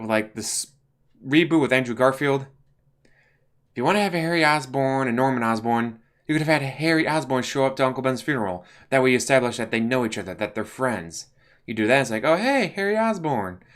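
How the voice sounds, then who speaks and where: Hosting his channel's casual movie commentary, a man speaks in a mid-range, fairly bright voice. His manner is a blunt, swearing rant, full of fillers like "like."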